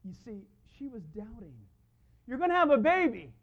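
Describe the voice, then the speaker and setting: A pastor preaches with lots of rise and fall in his voice, animated and storytelling. He slips into the voices of the people in his stories. The recording sounds dull and lo-fi. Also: extremely high pitch, moderate pace. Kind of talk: sermon.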